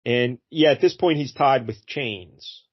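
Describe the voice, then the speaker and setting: A man's voice: medium pitch, a little slow, breathy edge. Man, podcast host, casual comic review, rambling, slightly dull sound. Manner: rambling, with many fillers and restarts.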